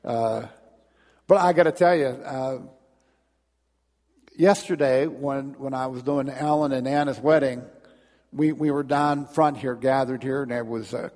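A man's voice: mid-range voice, fairly even intonation, a little slow, long pauses, a little mellow. A male pastor telling a story during a sermon to his congregation, with restarts and growing emphasis. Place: church sanctuary. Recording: long church reverb.

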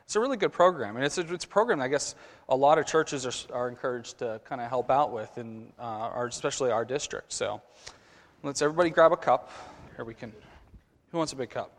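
A man's voice: mid-range voice, brisk. Man, children's sermon leader, coaxing kids through a skit, church sanctuary, long reverb. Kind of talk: children's message at a church service.

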